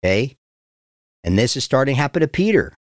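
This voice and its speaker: A man's voice: medium pitch, very animated, fairly quick, no room sound, clean studio sound. A man in his forties, a pastor teaching the Bible on a podcast in an earnest, heartfelt way, often speaking straight to his listeners.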